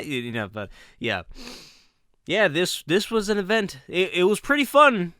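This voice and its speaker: A man giving casual vlog commentary, animated, laughing often and swearing casually. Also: sits high, moderate pace, smooth, no room sound, clean studio sound.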